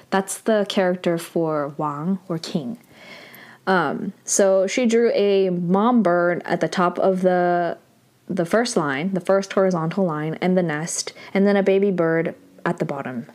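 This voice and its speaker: A woman's voice: lowish voice, darkish tone. A young woman hosting a podcast, recapping an episode casually and animatedly, with lots of 'like' fillers. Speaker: podcast host.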